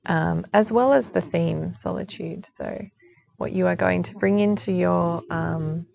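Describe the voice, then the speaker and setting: A woman's voice: fairly low pitch, a little slow, vocal fry, a little mellow, muffled recording, a little hiss or hum. A woman giving a chatty spiritual guidance talk outdoors, reassuring and laughing often. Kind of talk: casual spiritual forecast talk.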